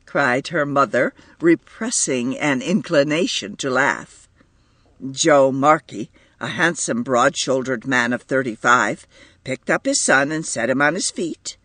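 Male audiobook narrator, slow and expressive, slightly raised pitch. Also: husky, no room sound. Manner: measured, expressive storytelling.

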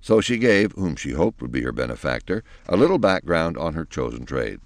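Deep male storybook narrator, lively delivery, dry close sound. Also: brisk, dry recording. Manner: expressive, animated reading.

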